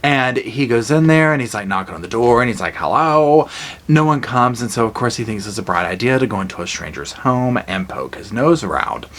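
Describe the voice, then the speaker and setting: A man giving a casual, animated horror movie review, retelling scenes with blunt, jokey asides. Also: medium pitch, a little fast, few pauses. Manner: animated storytelling with acted-out quotes.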